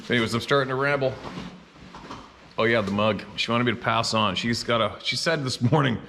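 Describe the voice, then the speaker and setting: Blunt, fired-up man with a bright voice. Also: medium pitch, a little fast, a little hiss or hum. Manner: blunt, fiery, swearing freely. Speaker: show host. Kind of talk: casual monologue.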